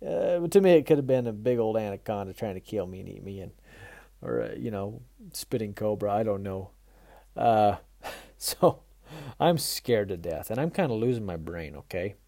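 A fairly low, mellow man's voice speaking close to the mic in a dry room. He talks in a folksy, animated way, pokes fun at himself and laughs often, then turns the story into plain advice. He sounds like a mule trainer giving a casual lesson to his regular viewers. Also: moderate pace, creaky, no echo. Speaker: mule trainer hosting a tips show.

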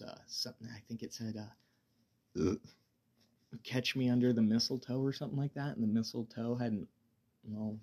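A man hosting a casual solo podcast while high, rambling in a laid-back way, swearing freely and stammering through restarts. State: high on weed. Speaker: podcast host.

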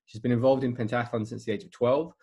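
A man's voice: medium pitch, fairly even intonation, quick pace, a little mellow, slightly rough. A man hosting a podcast interview, upbeat in manner. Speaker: podcast host.

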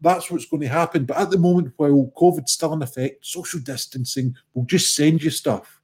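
A man co-hosting a livestream chats casually, trading jokey, sweary, rambling banter. His voice sits on the high side, darkish and husky, and he talks briskly.

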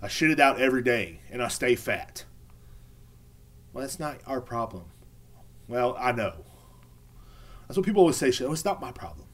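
A man's voice: mid-range voice, big pitch swings, normal speed, pauses often, fairly bright tone. A man hosting his own podcast, ranting casually in a rambling, profane way full of fillers. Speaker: podcast host. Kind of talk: casual rant.

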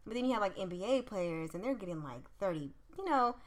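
A woman's voice: mid-range voice, expressive, fast. A woman co-hosting a casual podcast chat, talking loosely and swearing freely. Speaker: podcast co-host.

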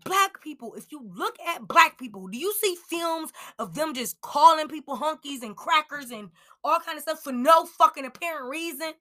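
Woman, young adult, podcast host, angry rant, yelling, swearing, very bright tone. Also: sits high, animated, moderate pace. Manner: yelling, heated, profane.

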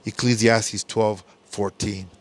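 A man's voice: fairly low pitch, flat delivery, takes it slowly. Earnest male preacher, "my friends". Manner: earnest preaching, repeats "my friends", drops soft on tag phrases. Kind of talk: sermon-style Bible study podcast.

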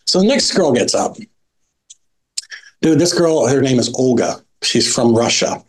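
A middle-aged man recounting a personal story as a podcast guest. He talks casually and animatedly, leaning on "like" and "right?" as he goes. His voice sits at an ordinary middle pitch. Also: a little slow. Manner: lively anecdotal telling with frequent "like" and "right?".

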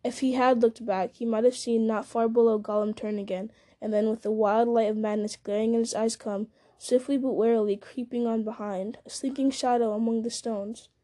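Mellow-voiced woman reading a story aloud. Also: a little high, fairly even intonation. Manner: measured, with occasional slips and restarts. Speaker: reader. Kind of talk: audiobook-style story reading.

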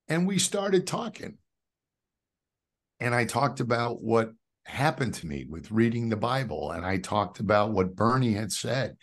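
A middle-aged man from New York, a podcast guest telling his personal faith testimony as an animated storyteller who calls the host brother. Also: mid-range voice, measured pace. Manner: animated storyteller who acts out quoted dialogue.

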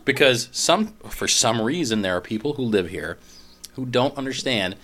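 A man from northeastern Pennsylvania co-hosts a casual chat, rambling playfully through his points. His voice rises and falls in a lively way. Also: mid-range voice. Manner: playful, rambling, quick to laugh along.

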